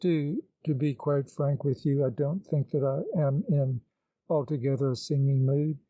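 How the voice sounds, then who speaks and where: A man's voice: medium pitch, fairly even intonation, moderate pace, warm tone, no room sound, lo-fi sound, natural voice. A man voicing a dazed young woman singer who speaks with hesitancy and stammers, in an audiobook. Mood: hesitant.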